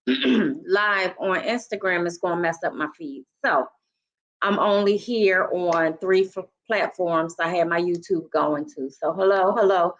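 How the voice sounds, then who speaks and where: Unhurried, slightly hoarse older woman. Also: fairly low pitch. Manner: greets viewers by name, chatty. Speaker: livestream host. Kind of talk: casual livestream chat. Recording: dull lo-fi livestream audio.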